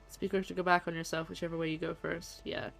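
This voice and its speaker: A woman's voice: lowish voice, little pitch movement, quick pace, gravelly, a little hiss or hum. A woman casually chatting with her viewers as she plays a game, joking at her own expense. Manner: chatty, self-mocking, talks to chat while playing. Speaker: streamer. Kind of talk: casual let's-play commentary. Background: faint game music.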